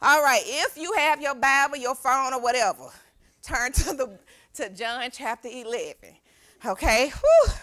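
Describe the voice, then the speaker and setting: A woman's voice: sits high, moderate pace, pushed and bright. A young woman preaching a sermon as youth pastor, exuberant and calling out to the congregation in a church. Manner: exuberant, call-and-response with congregation.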